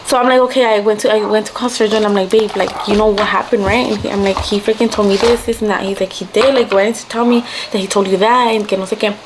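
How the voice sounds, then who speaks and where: Young woman chatting storytime-style while getting ready, mid pitch, bit of hiss behind. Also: steady tone, quick pace, hardly any pauses. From Mexico. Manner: chatty, switches between English and Spanish. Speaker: vlogger.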